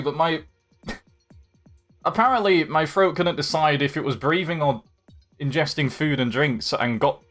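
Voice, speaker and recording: A young man commentating his own sim race live, chatting to opponents and viewers as he drives. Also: on the high side. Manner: animated, talks to other drivers and chat while racing. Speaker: sim racing streamer.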